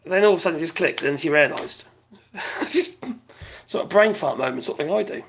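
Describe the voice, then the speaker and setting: A British man hosting a live stream, chatting casually in a rambling way, reading out viewers' comments, his voice going hoarse. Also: a little high, lively intonation, fairly quick, a bit bright. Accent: British English. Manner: rambling, chatty, laughs often, reads out viewers' chat.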